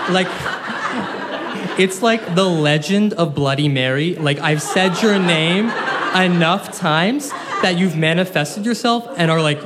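A young man telling a funny personal story on stage, animated and self-mocking with quick asides. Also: a little high, noisy background. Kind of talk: live comic storytelling.

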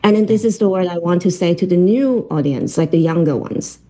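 A woman's voice: lowish voice, brisk, mellow. A woman conductor from Hong Kong, answering interview questions earnestly with many fillers. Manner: earnest, lots of fillers, laughs while telling stories. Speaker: orchestra conductor. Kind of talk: broadcast interview.

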